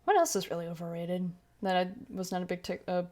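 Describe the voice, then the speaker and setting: Chatty young woman with a low voice. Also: sing-song, quick pace, darkish tone. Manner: rambling and chatty, with many fillers and self-corrections. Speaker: streamer. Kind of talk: casual chat while drawing on a livestream.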